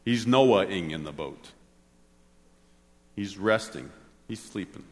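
A man preaching a sermon as pastor, animated, swinging between excited exclamations and soft low asides. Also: takes it slowly. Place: church sanctuary. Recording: long hall reverb.

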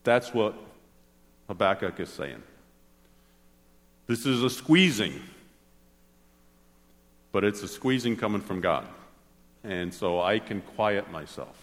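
A man preaching a sermon as pastor, animated, swinging between excited exclamations and soft low asides. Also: slow pace, long pauses. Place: church sanctuary. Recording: long hall reverb.

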